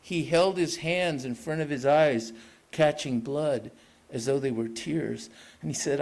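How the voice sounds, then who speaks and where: A man, an author, reading his own story aloud at a live literary event in measured, deliberate narration. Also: on the high side, gravelly, a little mellow, rough recording.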